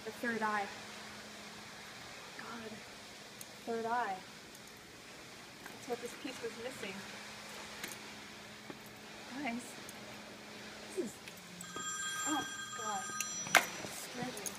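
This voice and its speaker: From a noisy gallery live stream room, a woman hosts a call-in art show, chatting while she draws in a playful, meandering style that frequently trails away. Her slightly high voice has fairly even intonation, with drawn-out words and long pauses.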